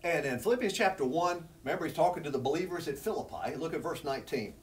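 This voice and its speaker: Male preacher, earnest teaching sermon, higher-pitched voice, picked up from a distance. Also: lively intonation, fast. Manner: earnest and conversational, rises in pitch when emphatic. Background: congregation responding.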